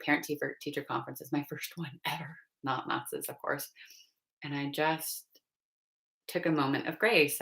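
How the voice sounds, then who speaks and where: A woman hosting a live coaching stream in a low, gravelly voice. She talks in a chatty, meandering way, with plenty of fillers and soft laughs. Her tone is casual and conversational. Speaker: fertility and pregnancy coach.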